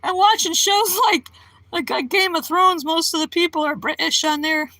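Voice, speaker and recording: A woman's voice: very high voice, moderate pace, pushed and bright, no room sound. A woman live streaming, chatting casually with her viewers in a rambling, giggly way and laughing often.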